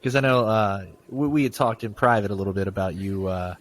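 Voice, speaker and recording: A man's voice: fairly low pitch, fairly quick, slight background noise. A man hosting a podcast who chats casually and reads a story aloud, often stumbling and repeating words. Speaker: podcast host. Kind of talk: casual chat and story reading.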